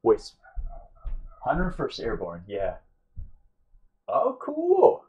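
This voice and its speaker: A man's voice: mid-range voice, wildly swooping pitch, very slow, slightly rough, highs cut off. A man in his thirties from the United States, chatting casually and rambling on a live art stream while he paints. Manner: rambling, chatty, often trails off and restarts. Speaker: livestream art host.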